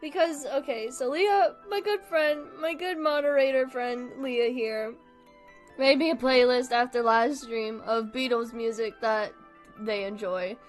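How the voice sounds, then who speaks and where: Giggly high-voiced woman streamer. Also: steady tone, a little slow, soft background music. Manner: giggly, swears often, frequent laughing fits. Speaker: livestreamer. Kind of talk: casual stream chat.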